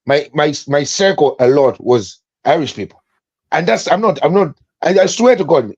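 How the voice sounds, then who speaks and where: Excited guy on a podcast, talks in circles, kinda muffled lo-fi sound. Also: on the high side, moderate pace, breathy edge. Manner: animated, repeats himself when excited. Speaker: podcast panelist. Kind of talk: casual podcast chat.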